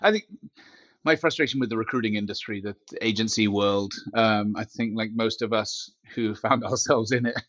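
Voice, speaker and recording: A man's voice: lowish voice, normal speed, a bit bright, dry recording. A man in a casual interview chat, joking and poking fun at himself as he rambles along with plenty of fillers. His voice comes through a small headset mic built into his glasses, so it sounds a little dull and lo-fi. The recording is dry, with almost no room sound around him. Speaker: company CEO guest. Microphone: glasses-frame headset mic.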